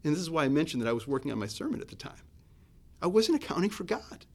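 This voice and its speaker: A man preaching a sermon in a conversational, searching way, often restarting his sentences. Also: quick pace. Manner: conversational, searching, with restarts and lively swings in pitch and loudness. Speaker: pastor.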